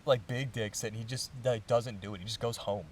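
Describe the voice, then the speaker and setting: A podcast co-host with a lowish, brisk voice and a breathy edge chats casually while recapping a manga plot. He's animated, acting out the characters' lines mid-story.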